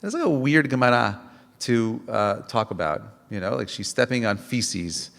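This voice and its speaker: A man's voice: medium pitch, lively intonation, moderate pace, vocal fry, fairly bright tone, in a large hall. A man, a rabbi, giving an impassioned Tisha B'Av lecture, asking rhetorical questions and telling stories with frequent restarts.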